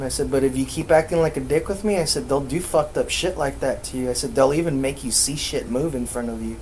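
A man casually telling a ghost story on a podcast, swearing constantly and rambling, acting out quoted lines louder. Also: medium pitch, fast talker, few pauses, slight background noise, poor audio. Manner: profane, rambling, acts out quotes loudly. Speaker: podcast co-host.

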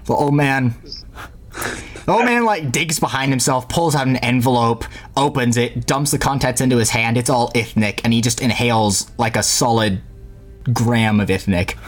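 A man's voice: mid-range voice, normal speed. A man running a tabletop game as game master, narrating in a casual storytelling way.

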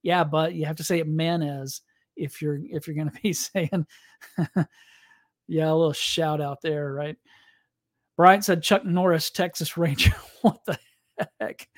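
A man hosting a casual sports podcast, rambling and halting with lots of fillers and restarts while he reads viewer comments. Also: fairly high pitch, fairly even intonation, dry recording, clean studio sound. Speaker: podcast host. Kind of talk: casual live-stream sports podcast chat.

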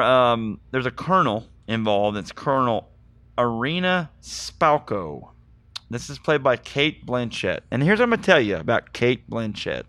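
A man hosting a casual movie podcast, talking in an animated, rambling way and getting excited as he goes. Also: medium pitch, no echo. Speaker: podcast host. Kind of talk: casual movie review chat.

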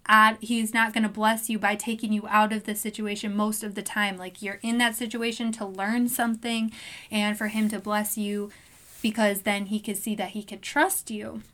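Bright-voiced young woman telling faith stories. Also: normal speed, low-quality recording. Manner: animated storytelling, acts out her own reactions in a high sweet voice. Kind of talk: casual faith chat.

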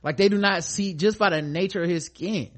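A man's voice: high-pitched, fairly quick, fairly bright tone. Sarcastic profane male podcast host. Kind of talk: casual podcast chat.

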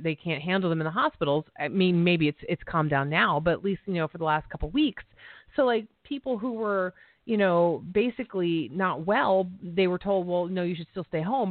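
A woman's voice: lowish voice, dry recording. A woman guest in a casual conversation, talking at length with lots of fillers and sounding openly incredulous. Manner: talkative, incredulous, many fillers. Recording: tinny phone-line audio.

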